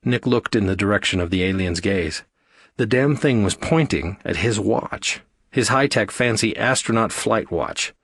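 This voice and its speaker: A male narrator reads an audiobook in a steady, even storytelling manner. His voice sits slightly low, and the recording is dry and close. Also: moderate pace, breathy edge, no echo. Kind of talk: scripted narration.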